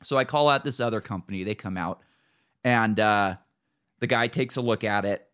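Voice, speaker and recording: A man's voice: on the low side, moderate pace, fairly bright tone, smooth. An American man hosting a podcast, casually telling profane stories and acting out what people said. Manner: profane, storytelling with acted-out quotes. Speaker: podcast host. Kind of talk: casual chat.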